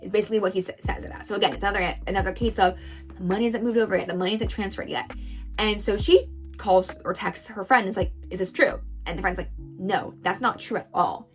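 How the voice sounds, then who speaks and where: A woman retells someone else's story at a brisk, rapid clip. She is chatty and casual, dropping into quoted lines. Faint background music sits under her voice. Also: medium pitch, steady tone. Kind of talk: story recap commentary.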